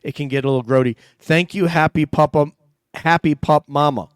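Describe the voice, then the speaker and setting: Man hosting a livestream, smooth clear voice, dry close sound, chatty and jokey. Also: a little high, fairly even intonation, normal speed, dry recording. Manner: chatty, jokey, thanks viewers warmly. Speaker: host reading super chats. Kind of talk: casual livestream chat.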